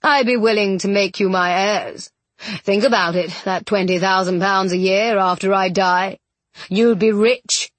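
A woman's voice: medium pitch, fairly even intonation, a little slow, no room sound, natural voice. A woman reading as a smug older villainous duke. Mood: scheming. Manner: silky and condescending. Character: scheming aristocratic male villain, older, smug.

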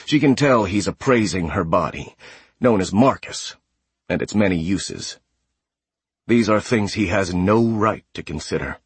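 A man narrating a sci-fi audiobook in a steady, measured way. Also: sits low, breathy edge, dry recording. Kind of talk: scripted narration.

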